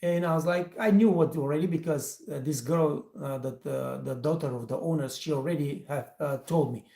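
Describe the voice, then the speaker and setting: A man's voice: on the high side, moderate pace, creaky, dark tone, reverberant. A man hosting a training channel, telling a motivational story and speaking straight to his viewers in emphatic, non-native English. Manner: emphatic, addresses listeners directly, non-native English phrasing. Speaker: host, restaurant trainer.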